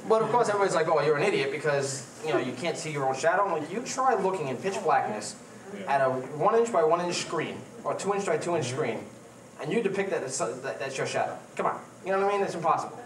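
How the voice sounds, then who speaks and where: A paranormal investigator telling funny stories at a conference, animated and laughing at himself. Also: male voice, fairly high pitch, fast talker, a crowd in the background. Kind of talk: conference talk, storytelling. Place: conference hall. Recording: echoey hall, far from the mic, noisy.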